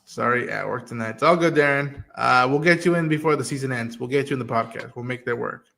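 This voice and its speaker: Bright chatty man hosting a review show. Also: mid-range voice, quick pace, gravelly. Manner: chatty, fills speech with "like" and acted-out quotes. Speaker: podcast host. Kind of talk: casual review chat.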